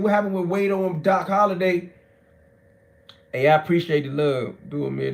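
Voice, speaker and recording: A man, telling street stories. He is loud and profane, jumping from shouting to low muttering. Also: vocal fry. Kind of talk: animated street storytelling.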